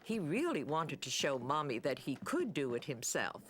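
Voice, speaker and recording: Lively woman narrating a children's cartoon. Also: low voice, normal speed. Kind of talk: scripted storybook narration for preschoolers.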